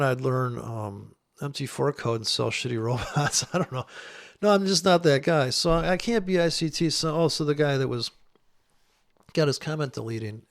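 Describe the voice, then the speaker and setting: A man's voice: fairly high pitch, vocal fry. An older man running a forex trading channel, ranting with profanity and mockery in a rambling, scornful way while trading. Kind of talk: ranting commentary over live trading.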